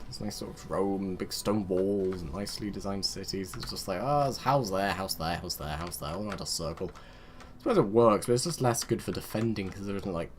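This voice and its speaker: A man's voice: low voice, a little hiss or hum. A young man giving casual let's-play commentary, rambling and chatting to his game units with muttered asides. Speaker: gaming video host.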